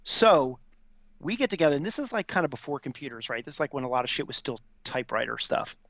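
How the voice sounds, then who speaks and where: His medium-pitched voice swings widely in pitch, runs fast, and has a fairly bright tone as this fifty-something veteran shares a profane anecdote on a podcast, impersonating those he quotes. The audio is dry and a little dull.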